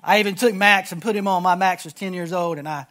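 A man's voice: high-pitched, fairly even intonation, fast, sharp tone. A middle-aged man preaching a sermon in a conversational, humorous storytelling style to his congregation. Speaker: pastor.

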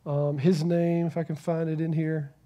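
A man preaching a sermon to a church congregation, earnest, swinging between loud emphasis and hushed, near-whispered lines. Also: on the high side, level tone, normal speed, dull audio. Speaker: pastor.

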